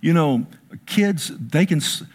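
A man's voice: on the high side, animated, takes it slowly. A middle-aged man preaching a sermon, telling a personal story with emotion and stumbling restarts. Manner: storytelling, emotional, repeats words. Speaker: pastor.

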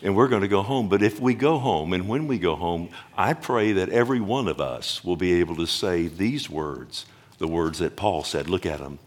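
A low-voiced man delivers a sermon as pastor. He preaches earnestly with animated emphasis, doubling back on his phrases and turning often to the congregation with questions. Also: normal speed.

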